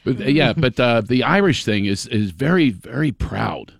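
A man's voice: mid-range voice, animated, normal speed, creaky, dry recording. Middle aged guy cracking jokes on a talk show, voice jumps around a lot, dry close mic. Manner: joking, storytelling, laughs often. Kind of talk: casual chat.

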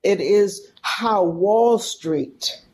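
A woman from San Francisco, a guest in an interview, telling a story in a folksy, animated and emotional way. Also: medium pitch, drawn-out words. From San Francisco, California. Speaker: podcast guest, professor.

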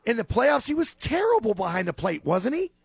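A man's voice: very high-pitched, big pitch swings, brisk, creaky, breathy edge, no room sound. A man co-hosting a sports radio show, needling with wry rhetorical questions. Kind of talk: casual sports talk radio banter.

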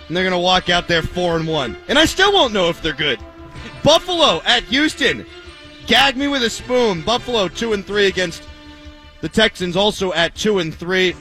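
A man hosting a sports talk radio show gives his football picks in a wry, enthusiastic voice. His tone is high and bright, and a little music plays faintly behind him.

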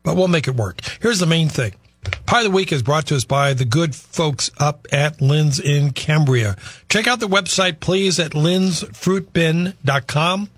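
A male radio host with an upbeat, promotional delivery and a slightly husky, higher-pitched voice. He is recorded close and dry in a studio. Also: lively intonation, a little slow, a bit bright, dry recording. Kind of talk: casual radio talk.

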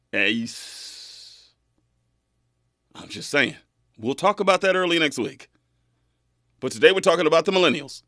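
A man in his twenties hosting a talk radio show, animated and folksy, laughing often. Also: fairly high pitch, dry recording, studio quality. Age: 20s.

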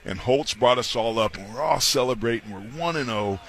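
A man's voice: mid-range voice, brisk, gravelly. A man, a former football player, chatting as a guest on a sports radio show and telling stories with impressions of coaches. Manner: animated storyteller, slips into impressions of coaches. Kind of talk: casual sports talk radio chat. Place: studio on a busy media row.

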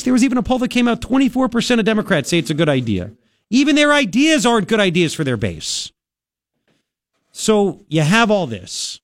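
Animated man on talk radio, dry studio sound. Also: a little high, no echo. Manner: animated, conversational, mocking impressions of others. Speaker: radio talk show host. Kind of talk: political talk radio monologue.

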